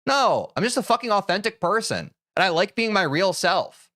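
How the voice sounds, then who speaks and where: A young man streaming live, heated and swearing as he talks to his chat about boundaries, then calming into careful apologies. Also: high-pitched, moderate pace, no echo, clean studio sound. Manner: heated, swears a lot, switches to calm apologies.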